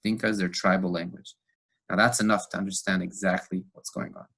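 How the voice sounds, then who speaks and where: A low, husky male voice recounting events on a podcast, lively and animated as he acts out the people in his story. He speaks with frequent fillers and a storyteller's pacing. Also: a little fast. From United States. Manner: animated retelling with acted quotes, fillers. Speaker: podcast guest. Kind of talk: storytelling interview.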